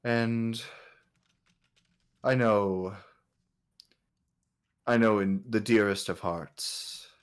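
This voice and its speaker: A man's voice: lowish voice, fairly even intonation, drawn-out words, pauses often, clear, resonant tone. A man voicing a smug, pompous male king who speaks in a mock-polite tone.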